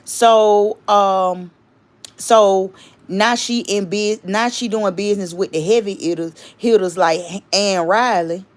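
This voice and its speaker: A woman's voice: medium pitch, fairly even intonation, slow pace. A woman hosting a casual livestream, rambling chattily and stopping to greet and thank viewers. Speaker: livestream host.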